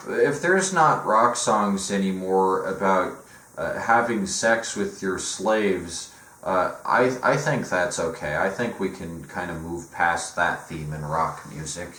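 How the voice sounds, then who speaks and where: A young man rants through sarcastic comedic commentary, profane and mocking. His voice sits low. The room gives it a clear echo. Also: slow, sharp tone. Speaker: video essay host. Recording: echoey room.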